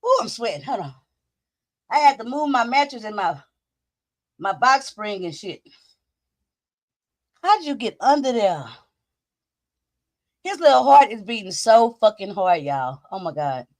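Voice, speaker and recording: A woman hosting a casual live stream, talking straight to her viewers in an excitable, profane way. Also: medium pitch, unhurried, pauses often, dry recording, clean studio sound.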